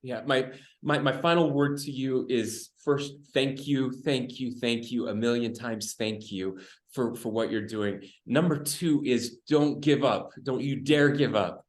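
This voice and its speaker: A man's voice: medium pitch, fairly even intonation, measured pace. A middle-aged man, a state governor, speaking earnestly and hopefully in a conversation, often restarting his words. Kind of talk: conversational remarks in a virtual event. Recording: roomy echo.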